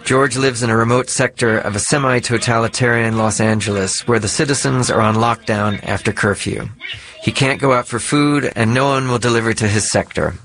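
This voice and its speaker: A man narrating a documentary in a measured, explanatory way. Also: medium pitch, fairly even intonation, fairly bright tone.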